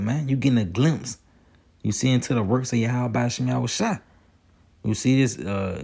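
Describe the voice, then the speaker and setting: A man preaching a casual sermon over video clips, reading scripture slowly and ending his lines with "man". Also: medium pitch, vocal fry, mellow. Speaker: street preacher.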